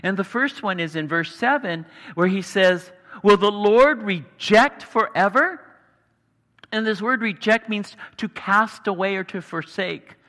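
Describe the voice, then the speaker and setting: A man preaching a sermon, earnest and explanatory, pausing for emphasis. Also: sits high, lively intonation, bright, forceful tone. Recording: long hall reverb.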